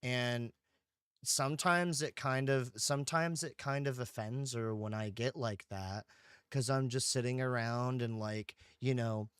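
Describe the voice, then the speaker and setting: A man's voice: mid-range voice, steady tone, measured pace, fairly bright tone, clear, resonant tone, dry recording, clean studio sound. A man livestreaming a game, rambling casually with lots of swearing and "dude". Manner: rambling, profane, keeps saying dude. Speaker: streamer.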